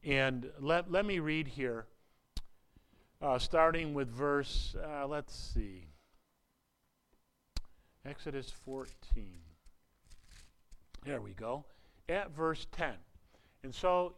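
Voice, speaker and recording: A man's voice: fairly high pitch, fairly bright tone. A man preaching a sermon as a pastor, in a conversational way, often repeating and restarting words and briefly acting out quoted voices.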